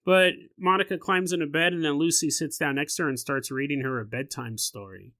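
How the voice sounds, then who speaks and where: Animated male podcast host on a close mic, forceful bright tone, dry sound. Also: a little high, a little fast, no echo. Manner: animated, laughs often, riffs on scenarios. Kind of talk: casual storytelling podcast.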